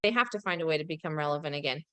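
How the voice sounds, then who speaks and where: A woman's voice: sits low, animated, very fast, a bit bright. A woman hosting a podcast, chatting casually and animatedly about pop culture, with plenty of gossip and giggles. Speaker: podcast host.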